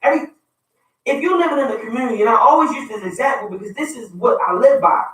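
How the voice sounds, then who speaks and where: A man with a Baltimore accent holds forth on a radio talk show, his voice pitched unusually high for a man. He talks with a preacher's passion, building to forceful peaks. The sound carries a roomy echo, as if he sits back from the mic. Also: quick pace, distant mic. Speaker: radio show co-host and youth mentor.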